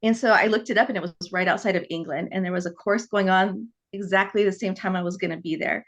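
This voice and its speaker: A woman in her forties, a psychic medium, telling her story on a podcast in an animated way and acting out the dialogue. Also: mid-range voice, quick pace.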